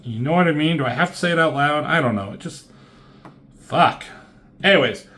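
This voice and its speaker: A man giving a casual, rambling comic book review, swearing freely and filling pauses with "um". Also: a little high, lively intonation, sharp tone. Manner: rambling, profane, lots of fillers.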